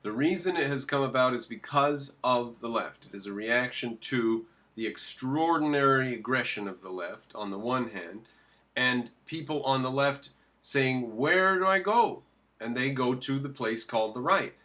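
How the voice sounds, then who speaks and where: A man's voice: medium pitch, moderate pace, pushed and bright. Man firing off rhetorical questions. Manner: emphatic, fires rhetorical questions and answers them himself. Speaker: political commentator reacting to a video clip. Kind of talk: opinionated commentary.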